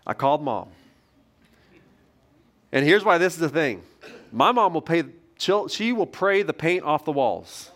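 High-voiced pastor preaching conversationally. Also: male voice, unhurried, long pauses. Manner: conversational storytelling with lively shifts in loudness. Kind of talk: sermon. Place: church stage.

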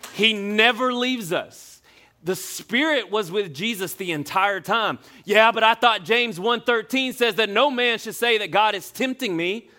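Bright, high-voiced male preacher. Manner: animated preaching, dropping low and slow for scripture. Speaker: pastor. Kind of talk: sermon.

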